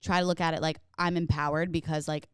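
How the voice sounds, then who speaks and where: A young woman hosts a podcast in easy, rambling chat, earnest and supportive. Her voice is somewhat low and smooth, and the recording is dry and close. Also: level tone, fast talker, dry recording. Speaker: podcast host. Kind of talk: casual chat.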